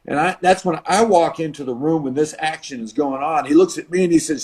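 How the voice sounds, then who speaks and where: An older man recounts an old match as a podcast guest, his voice sitting slightly high. He acts out the other people in the tale, dropping to a hush and then bursting out loud. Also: fairly quick, hardly any pauses. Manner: acts out voices of others in his stories, dramatic shifts in loudness. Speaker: podcast guest, retired wrestler. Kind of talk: animated storytelling.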